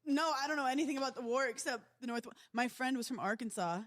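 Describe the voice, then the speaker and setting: A woman's voice: high-pitched, fast talker, dry recording, clean studio sound. Brash, teasing New woman. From New York area. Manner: brash, teasing, swears freely. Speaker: podcast guest. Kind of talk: casual chat.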